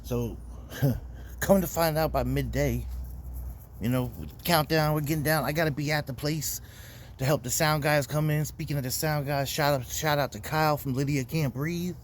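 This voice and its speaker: A man's voice: fairly high pitch, fairly even intonation, normal speed, a little hiss or hum. A young man telling a weekend story as host, casual and profane, heated as he talks. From Florida. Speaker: podcast host.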